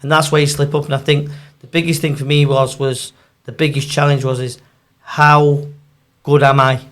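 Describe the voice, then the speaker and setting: A man, a football agent chatting in an interview, telling animated stories. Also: on the high side, moderate pace. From Manchester, England. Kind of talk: casual storytelling interview.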